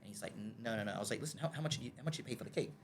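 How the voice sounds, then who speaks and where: A man telling a story as a podcast guest. He acts out the dialogue in the scenes he describes, keeps checking in with "okay?", and stammers and repeats words when he gets excited. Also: mid-range voice, racing, slight background noise.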